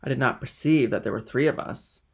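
A man's voice: medium pitch, brisk, gravelly, breathy edge. A man reading a frank young sailor. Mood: wary.

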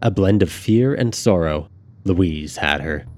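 Deep-voiced male audiobook narrator. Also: a little slow, darkish tone. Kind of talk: scripted narration.

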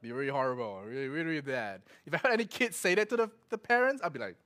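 High-voiced man preaching with stories. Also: big pitch swings, very fast, bright, forceful tone. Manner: storytelling with laughs and acted-out quotes. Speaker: pastor. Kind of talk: sermon.

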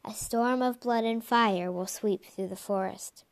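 A woman voicing an old male cat seer who rasps in a hushed, half-whispered way. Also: mid-range voice, unhurried, close to an everyday voice. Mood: ominous.

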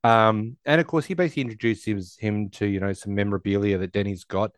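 Low-ish guy rambling thru a movie recap, does little voices for the lines, dry sound. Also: fairly even intonation, smooth, no echo. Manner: rambling, acts out dialogue in quick voices. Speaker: podcast co-host recapping a film. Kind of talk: casual chat.

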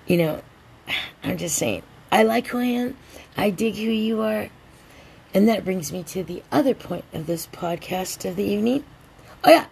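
A woman hosting a rambling solo podcast, a little drunk and stoned, drawling along and breaking into excited outbursts. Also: mid-range voice, vocal fry, slight background noise. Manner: tipsy, meandering, slow drawl with sudden excited outbursts. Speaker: podcast host.

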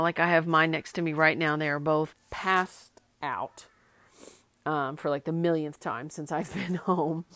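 A middle-aged woman with a low voice talks in an easygoing way, circling back and restarting her thoughts with many fillers. The recording is dry and close, with no room around her voice. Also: a bit bright, no echo. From Arkansas, US South. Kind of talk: casual heartfelt monologue.

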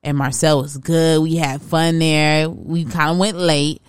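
Smooth-voiced laid-back woman. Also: deep voice, flat delivery, a little slow, no echo. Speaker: podcast co-host. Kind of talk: casual chat.

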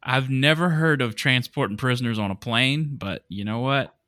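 Podcast host, male, from Alabama: chatty, bright tone, dry close-mic sound. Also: medium pitch, normal speed, no echo. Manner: laughs often, chatty. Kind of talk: casual movie podcast chat.

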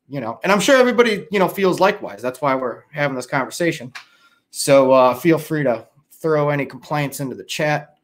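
A middle-aged man from Chicago hosting a casual livestream, tired and rambling, with a lot of swearing. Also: mid-range voice. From Chicago area. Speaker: livestream host.

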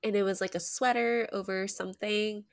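A woman's voice: medium pitch, fairly even intonation, moderate pace, no room sound, studio quality. A woman co-hosting a podcast, sick with a cold and sounding nasal, chatting casually and laughing often. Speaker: podcast co-host. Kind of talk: casual chat.

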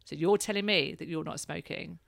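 A woman's voice: lowish voice, fairly quick, creaky, a bit bright, no echo, studio quality. A woman in her thirties, hosting a casual chat and telling candid stories, laughing now and then. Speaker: podcast host, mother.

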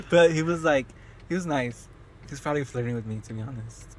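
A man's voice: fairly high pitch, animated, moderate pace, slight background noise. A young man chatting casually as a podcast co-host, telling work stories with a lot of laughter and some swearing. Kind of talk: casual chat.

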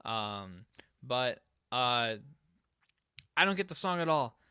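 A man talks through an album with his co-host, blunt and opinionated, often circling back with hedges. His voice is forceful and crisp. The sound is dry and close. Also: medium pitch, sing-song, takes it slowly, dry recording. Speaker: podcast co-host. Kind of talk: casual chat about music.

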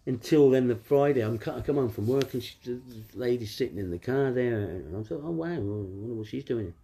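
A man's voice: medium pitch, animated, fairly quick, warm tone. A man telling a personal story in a casual, rambling, wry way, with many fillers and restarts.

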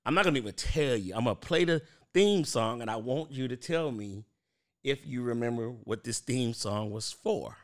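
A man's voice: mid-range voice, lively intonation, normal speed. A man in his thirties hosting a podcast alone, chatting casually and talking straight to his listeners. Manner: chatty, addresses listeners as "y'all", frequent restarts and fillers. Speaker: podcast host.

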